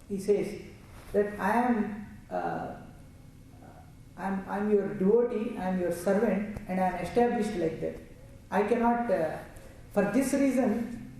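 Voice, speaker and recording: A Telugu-man leads a scripture discourse, explaining the text and reciting Sanskrit verses. His voice is fairly high and mellow. The mic is far away in a heavily echoing room with faint ambience. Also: a little slow, creaky, long pauses, slight background noise. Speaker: religious storyteller.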